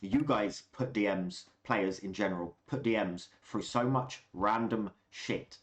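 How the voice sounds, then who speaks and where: A man chatting calmly as game master, explaining his choices in long flowing sentences. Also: on the low side, a little slow. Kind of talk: casual chat.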